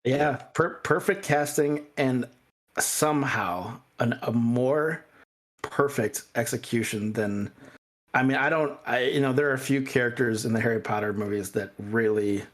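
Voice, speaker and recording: A man co-hosting a casual podcast chat, speaking haltingly as he searches for words. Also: medium pitch. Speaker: podcast co-host.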